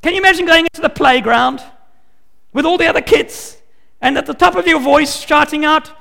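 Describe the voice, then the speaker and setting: High-voiced, lively preacher in a hall. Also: male voice, moderate pace, vocal fry. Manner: animated storytelling, acts out scenes, emphatic. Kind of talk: sermon. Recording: long hall reverb.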